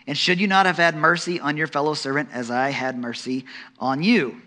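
Bright-voiced man preaching a sermon. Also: moderate pace. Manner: dramatic, drops to soft low tones for emphasis and acts out voices. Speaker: pastor.

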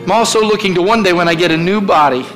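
Fervent high-voiced male pastor preaching. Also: fast, fairly bright tone, soft background music. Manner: fervent, repetitive calls to the congregation. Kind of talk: sermon.

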